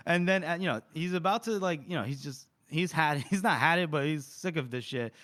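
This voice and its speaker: A man co-hosting a podcast, recapping a book chapter in a casual, chatty way. He laughs often and jumps into quick raised voices for the characters. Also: fairly high pitch, fairly bright tone. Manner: laughs often while retelling scenes. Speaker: podcast co-host.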